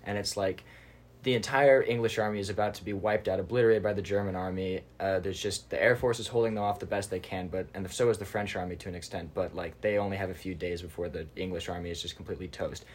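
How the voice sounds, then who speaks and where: A man's voice: deep voice, steady tone, husky. A man co-hosting a casual podcast, retelling war history with enthusiasm. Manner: fast-talking, enthusiastic storyteller. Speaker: podcast co-host. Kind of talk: casual chat.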